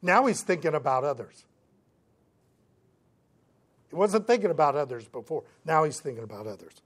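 A man preaching a sermon to his congregation, who often checks in with the listeners and breaks into lively voices for the people in the story. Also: on the high side, moderate pace. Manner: animated preaching, acts out the voices of the figures in the story; checks in with the listeners, asking "right?" again and again. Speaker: pastor.

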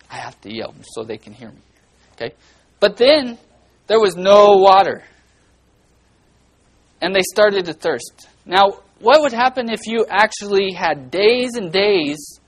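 Animated children's church teacher. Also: mid-range voice, rough recording. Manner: animated, asks kids many questions, loud bursts of dramatizing. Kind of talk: children's Bible lesson.

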